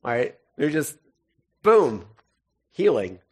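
A man's voice: a little high, very animated, slow pace, husky. A man giving a sermon as pastor, reading scripture and then breaking into jokey, conversational asides.

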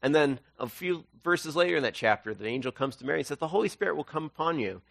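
Animated man preaching a sermon. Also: a little high, quick pace, gravelly, no room sound. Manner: animated storytelling, acts out voices. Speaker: pastor.

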